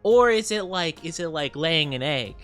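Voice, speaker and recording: A young woman streamer chats with her viewers in a voice that sits low for a woman. She is playful and bubbly, a little sleepy, and quick to thank people and tease back. Soft music plays faintly behind her. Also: expressive. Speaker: VTuber streamer. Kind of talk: casual chat with live viewers.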